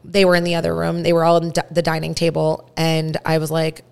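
A woman around thirty telling a story in casual podcast chat, animated and full of "like" fillers. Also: low voice, a little fast, creaky, hardly any pauses, clear, resonant tone. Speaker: podcast host.

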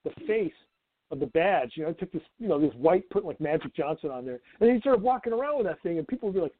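A man's voice: a little high, expressive, fast, dry recording. A man calling in to a podcast, telling rambling stories and laughing often. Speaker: phone-in guest. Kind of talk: casual podcast chat. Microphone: phone call. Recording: tinny phone line.

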